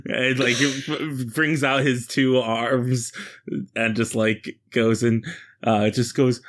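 Brief: male player, slow-paced, easygoing and jokey. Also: medium pitch, steady tone, a bit bright. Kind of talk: casual tabletop play.

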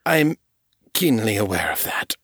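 A battered, weary man speaks in a faint, shaky voice, answering with dry, wry understatement, as a male narrator puts him on. The voice sits low, and the recording is close and dry. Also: big pitch swings, unhurried, a bit bright, husky, dry recording, heavily acted.

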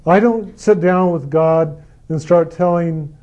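A man giving a gentle, repetitive spiritual talk about meditation and enthusiasm. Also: fairly high pitch, slow, muffled recording. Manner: gentle, repetitive, acts out quoted lines with mock enthusiasm. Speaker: spiritual speaker.

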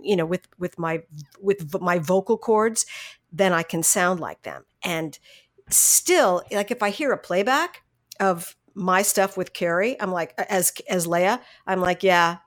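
A middle-aged woman, a voice actress, telling stories from her career in a casual interview, animated, laughing often and restarting her sentences. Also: lowish voice, unhurried. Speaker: voice actress guest.

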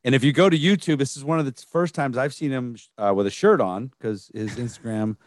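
A man hosting a casual podcast, introducing a guest in a relaxed way with many fillers. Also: mid-range voice, fairly quick, no echo, studio quality. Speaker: podcast host.

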